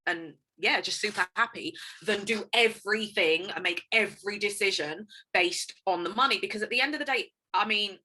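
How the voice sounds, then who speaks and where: A woman's voice: medium pitch, moderate pace, few pauses, sharp tone. A woman in a casual interview who talks about her choices candidly and spontaneously, with emphatic bursts and easy laughs. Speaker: guest, singer and actress. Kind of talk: casual conversation.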